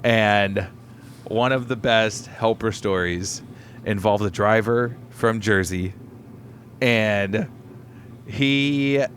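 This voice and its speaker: A man's voice: lowish voice, drawn-out words, long pauses, fairly bright tone. Rambling male podcast co-host, faint noise. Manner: rambling, profane storyteller. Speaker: podcast co-host, delivery driver. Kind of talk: casual chat.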